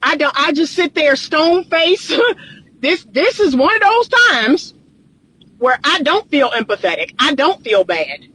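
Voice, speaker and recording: A woman's voice: sits high, sing-song, measured pace, pushed and bright, low-quality recording. A woman relationship coach giving reaction commentary, emphatic and lecturing, repeating her points.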